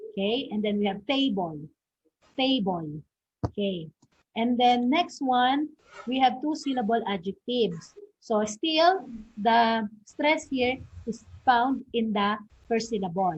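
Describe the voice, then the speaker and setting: A woman's voice: on the high side, husky. A woman teacher with a Filipino English accent giving a classroom lecture, saying "okay" constantly and restarting her phrases. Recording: dull lo-fi recording.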